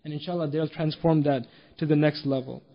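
A man with a notably high voice delivers a sermon, driving his points home with emphatic rhetorical questions and stories. The recording sounds dull and lo-fi. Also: steady tone, a little fast. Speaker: preacher.

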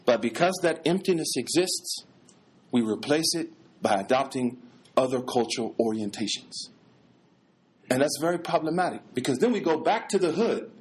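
An American man, an imam, giving a lively religious lecture in casual street slang mixed with scholarly terms. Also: mid-range voice, normal speed. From United States.

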